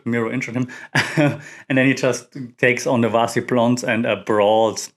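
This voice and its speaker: A man's voice: medium pitch, steady tone, moderate pace. A man hosting a podcast, giving a casual, rambling recap full of fillers and restarts. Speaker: podcast host. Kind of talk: casual wrestling recap commentary.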